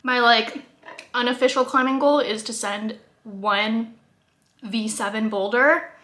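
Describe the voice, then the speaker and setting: Bright chatty young woman vlogging. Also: on the high side, fairly even intonation, measured pace. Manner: chatty, many "like" fillers, laughs while talking; talking while eating. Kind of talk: casual vlog talk to camera. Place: at home.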